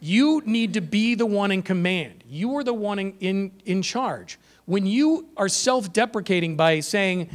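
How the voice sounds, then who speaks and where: A man giving a conference presentation to teachers, energetic and emphatic, shifting his pace for effect. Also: high voice, normal speed. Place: conference room.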